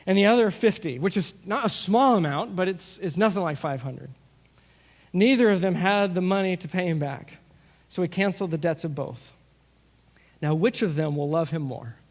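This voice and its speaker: A middle-aged man preaching a sermon as pastor, telling stories with lively asides and acting out what people said. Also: high voice, normal speed. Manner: storytelling, animated with asides and acted-out quotes. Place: church sanctuary. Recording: long reverb of a large hall.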